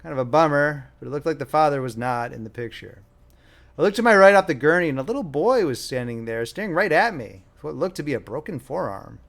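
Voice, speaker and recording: A man's voice: mid-range voice, animated, fairly quick, gravelly. A young man reading his own audiobook as author and narrator, with a wry, self-deprecating manner. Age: young adult.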